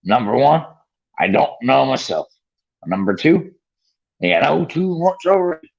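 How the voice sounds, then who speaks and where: A man voicing a huge, gruff gamekeeper in a storybook reading, in a near-normal voice. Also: medium pitch, very animated, measured pace, dull audio, voice pushed up, heavily acted. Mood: stubborn. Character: huge gruff male gamekeeper, secretive and warm.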